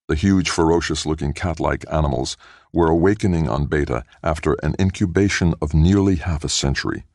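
A male audiobook narrator telling a science fiction story with dramatic storytelling. His voice is extremely deep and gravelly, and moves through a lively range of pitch. The sound is dry and close. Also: fairly quick, no room sound. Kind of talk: scripted narration.

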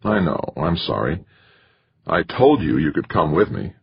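A man's voice: low voice, sing-song, a little slow, gravelly, slightly rough, no echo, heavily acted. A man voicing a determined, dry-witted husband in an audiobook, speaking in clipped, tight lines. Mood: terse. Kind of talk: audiobook character reading. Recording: dull lo-fi recording.

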